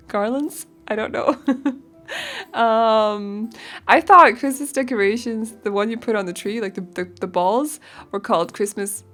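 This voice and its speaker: A woman's voice: a little high, unhurried, a bit bright. Young woman, casual rambling voice-over, giggly, hunts for words, faint background music. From Denmark. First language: Danish. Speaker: game builder.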